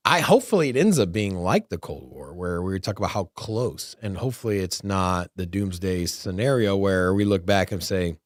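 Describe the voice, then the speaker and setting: A man's voice: sits low, expressive, moderate pace, few pauses, no echo. A man hosting a casual podcast from a studio, rambling and repeating words as he gets worked up. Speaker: podcast host.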